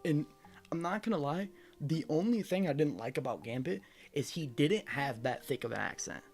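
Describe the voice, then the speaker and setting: A male streamer who jokes and rambles with his live chat. His voice has a gravelly rasp, and his pitch swings widely as he gets worked up. Soft game music plays underneath. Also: moderate pace. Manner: animated, rambling, jokey banter with chat.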